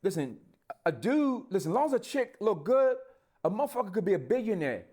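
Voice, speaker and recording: A man's voice: sits high, big pitch swings, fairly quick, warm tone. A man hosting a podcast, talking bluntly in casual chat with plenty of profanity. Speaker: podcast host.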